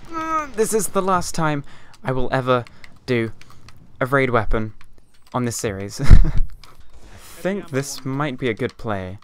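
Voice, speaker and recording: A man giving chatty, excitable gameplay commentary at home, leaning toward a mic set below him. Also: mid-range voice, measured pace. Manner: excitable, chatty, exclaims at the game. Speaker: gaming video creator. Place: home room with TV and a hot light. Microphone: mic placed below him, leans in.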